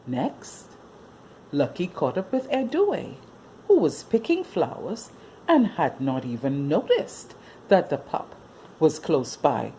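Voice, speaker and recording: A woman reading a children's story aloud as a storyteller, in an expressive, sing-song manner. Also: low voice, takes it slowly, a little hiss or hum.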